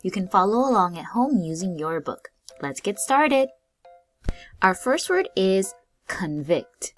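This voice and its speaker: A woman's voice: medium pitch, very animated, a little slow, soft background music. A woman teaching English vocabulary to learners, explaining each word patiently in simple terms. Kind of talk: slow, clear classroom explanation.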